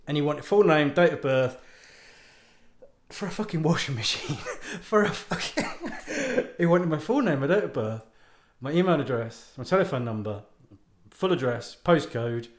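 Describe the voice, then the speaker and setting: A man's voice: on the high side, sing-song, normal speed, reverberant. A man hosting a podcast, telling a rambling, sweary story and laughing often in exasperation. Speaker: podcast host and author. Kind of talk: rambling casual monologue.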